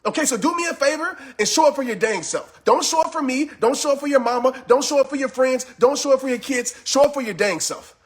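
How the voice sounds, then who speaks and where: High-pitched, fast, yelling motivational man. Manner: yelling, intense and repetitive, preachy. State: just finished working out. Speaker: motivational speaker. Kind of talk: fired-up motivational talk on a live stream.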